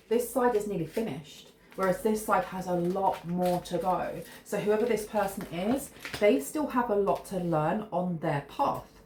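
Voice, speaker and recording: A woman's voice: mid-range voice, darkish tone. A woman giving a casual, rambling tarot reading, often restarting her words. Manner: chatty, rambling, restarts mid-word. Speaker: tarot reader. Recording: echoey room with faint noise.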